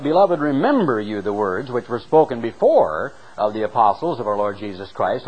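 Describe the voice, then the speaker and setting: A man's voice: on the high side, low-quality recording. A middle-aged man preaching a sermon, reading scripture aloud and stressing key words with rising and falling emphasis.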